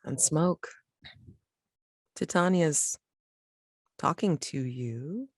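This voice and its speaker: Slow, very low-voiced woman game master. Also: lively intonation, no echo, studio quality. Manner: slow, hesitant narration with many restarts. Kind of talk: narrating a tabletop game.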